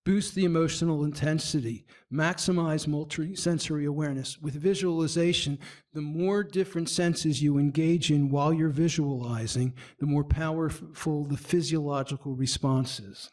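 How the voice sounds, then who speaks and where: A man presenting at a marketing meetup. He speaks in a lively, demonstrative way, acting out facial expressions and often stumbling and restarting his sentences. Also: fairly high pitch, moderate pace. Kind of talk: presentation talk.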